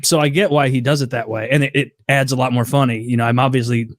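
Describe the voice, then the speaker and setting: A man hosting a casual podcast conversation. He talks in a relaxed, rambling way and hedges his points. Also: mid-range voice, fast talker. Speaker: podcast host. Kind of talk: casual chat.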